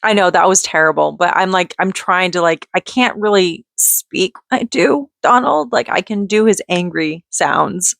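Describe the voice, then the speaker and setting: A woman vlogging in a casual, rambling way, chatty and quick to giggle as she drifts off on tangents. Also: lowish voice, vocal fry, a bit bright, no echo, clean studio sound. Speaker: vlogger and mother.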